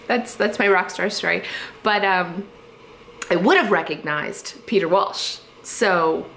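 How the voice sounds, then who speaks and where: A woman's voice: medium pitch, a bit bright, slight background noise. A woman from Canada, host of a home organizing vlog, telling a story in a chatty, rambling way with many fillers and giggles.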